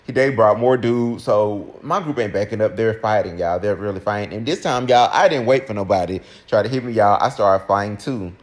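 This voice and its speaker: A young man with a fairly low voice tells a personal story to his viewers. He is animated and chatty and keeps turning to speak straight to his audience. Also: a little fast, hardly any pauses. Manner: animated, keeps addressing listeners directly. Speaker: storytime vlogger.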